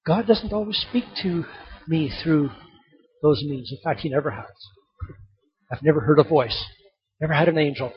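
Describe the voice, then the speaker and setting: A man preaching a sermon, telling a story and then calling loudly on the congregation to open their Bibles. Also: on the high side, moderate pace, long pauses, husky, lo-fi sound. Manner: storytelling, building to loud exhortation. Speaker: pastor.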